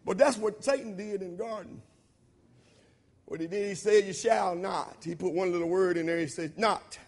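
A man preaching a sermon in an informal, repetitive style, swinging between loud shouted emphasis and low murmured asides. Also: brisk.

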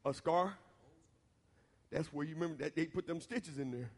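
A man with a Southern American accent who preaches a storytelling sermon. He talks straight to the listeners in a folksy way, and at times his voice builds into shouting. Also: fairly high pitch, moderate pace, big-room sound. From Southern United States.

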